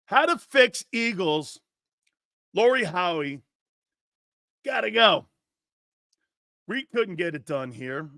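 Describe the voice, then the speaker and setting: A man doing crude, sarcastic sports talk, mimicking others in jeering voices and laughing often, swinging between loud outbursts and low mutters. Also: big pitch swings, takes it slowly, pauses often, no echo, clean studio sound. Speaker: sports commentator.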